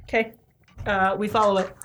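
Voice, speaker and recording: A woman playing a tabletop game, chatting casually and repeating quick affirmations. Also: medium pitch, little pitch movement, fairly bright tone, slight background noise. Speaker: player.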